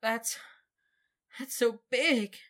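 A woman's voice: a little high, extremely slow, fairly bright tone, voice pushed up. A woman doing a pleading, breathless young man. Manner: urgent, begging, stammering.

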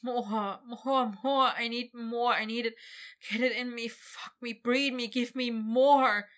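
A woman voicing a young man who begs urgently and stammers, her pitch raised and her voice louder. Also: fairly even intonation, takes it slowly. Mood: pleading. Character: breathless, pleading young man.

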